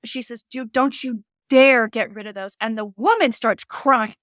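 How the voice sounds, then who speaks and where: A woman with a fairly high voice tells a story casually, animated and full of quoted voices. The sound is dry and close. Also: moderate pace, no echo. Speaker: guest medium and tarot reader.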